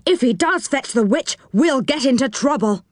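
A woman voicing a storybook man urging his friends to run, high and urgent. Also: expressive, moderate pace, no echo, clean studio sound. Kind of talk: storybook reading.

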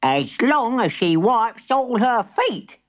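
A woman voicing a bossy, nosy old grandmother with a cold, who shrieks and snaps in a shrill, drawn-out way in a storybook. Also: sing-song. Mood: relieved. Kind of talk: storybook character voice.

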